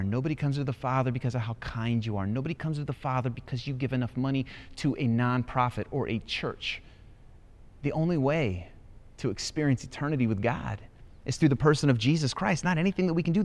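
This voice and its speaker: A man preaching a sermon as pastor, telling stories with rising excitement. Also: mid-range voice, brisk. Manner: animated storytelling with rising excitement. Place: church auditorium.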